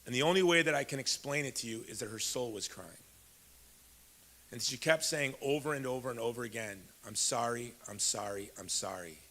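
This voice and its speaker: Bright-voiced man telling a story. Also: medium pitch, brisk, slight background noise. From Chicago, USA. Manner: conversational, addresses the audience directly. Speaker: keynote speaker. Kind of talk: personal storytelling speech. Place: large event hall. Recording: echoey hall.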